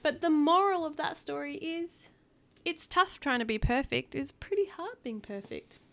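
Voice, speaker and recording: A woman's voice: high voice, lively intonation, normal speed, creaky, fairly bright tone. A woman reading a picture book aloud to her child, adding chatty asides.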